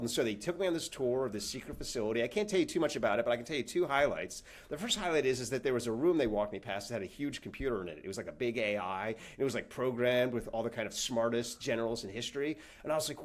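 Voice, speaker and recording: A man, a professor and author, answering interview questions as an animated storyteller who acts out the people he quotes. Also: medium pitch, fast, few pauses.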